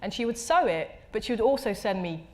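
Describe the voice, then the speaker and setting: A woman's voice: medium pitch, expressive, fairly quick. A woman in her thirties speaks as an artist guest on a live talk stage. She tells her stories reflectively, often restarting and repeating her words, and acts out the voices she quotes. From England. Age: 30s. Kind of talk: conversational storytelling at a live talk.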